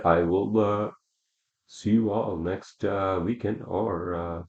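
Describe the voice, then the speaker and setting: A man's voice: low-pitched, steady tone, slow, a little mellow. A man hosting a solo podcast, ranting heatedly and swearing a lot, often asking "all right?". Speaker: podcast host. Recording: roomy, dull lo-fi sound.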